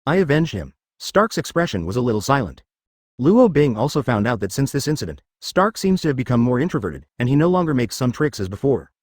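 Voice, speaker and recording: A man's voice: medium pitch, big pitch swings, fairly quick, no room sound, clean studio sound. A man reading a story aloud as scripted audiobook narration, in a matter-of-fact way.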